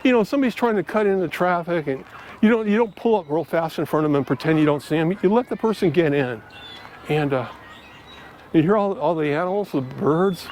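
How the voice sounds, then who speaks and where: A man's voice: on the high side, fairly quick, a little mellow. A middle-aged man vlogging outdoors in a park, telling stories in a rambling, earnest way with many fillers and restarts. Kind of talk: casual storytelling to camera. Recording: outdoor ambience with faint background noise.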